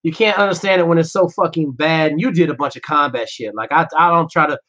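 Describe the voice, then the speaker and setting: A man, a former Navy SEAL guest on a podcast, telling rough, profane stories in casual talk and acting out the voices of the people in them. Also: on the high side, quick pace, bright, forceful tone, dull audio. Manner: brash, swearing, acts out quoted voices.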